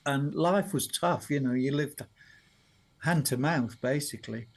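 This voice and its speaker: With a mid-range voice and an unhurried pace, the Yorkshire songwriter from Sheffield, England, now in his 70s, tells meandering stories during a radio interview. He is chatty and laughs a lot.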